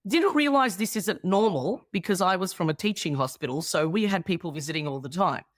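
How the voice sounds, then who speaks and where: In a casual interview chat, this thirtysomething Australian comedian speaks in a lowish voice with lively intonation and a fairly quick pace. She animates her stories by playing the people she quotes, captured in clean, echo-free studio audio.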